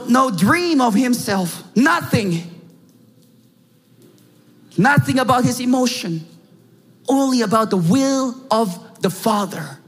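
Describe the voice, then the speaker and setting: A man with a Korean accent preaching a dramatic sermon, acting out scenes with shouts and hushed lines. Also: very high voice, breathy edge. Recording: reverberant hall with faint music.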